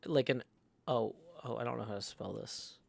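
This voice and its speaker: A man livestreaming in casual chat, reading viewer messages aloud and rambling with many pauses and restarts. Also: mid-range voice, gravelly, darkish tone, dry recording. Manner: hesitant and rambling, many ums and restarts, tries out playful howls.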